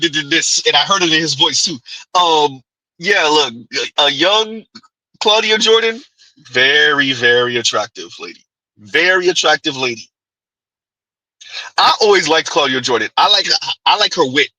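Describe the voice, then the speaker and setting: Brief: male host, strained husky voice, very forceful, dry close sound. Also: on the high side, no echo, rough recording. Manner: rambling, repeating himself, chuckling asides. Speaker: commentary show host. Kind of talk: casual commentary.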